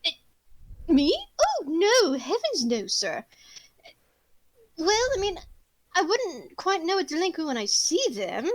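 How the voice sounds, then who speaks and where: Woman doing a flustered, overly polite gentleman. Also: very high voice, wildly swooping pitch, takes it slowly, long pauses, dry recording, pitched above the performer's own voice, heavily acted. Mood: nervous. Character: nervous polite disguised gentleman, male.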